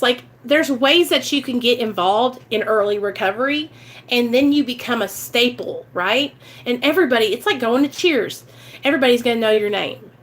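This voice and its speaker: A woman's voice: high-pitched, fairly bright tone. A woman with a Midwestern American accent talking earnestly and emotionally to her viewers in a casual livestream chat about recovery. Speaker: recovery vlogger.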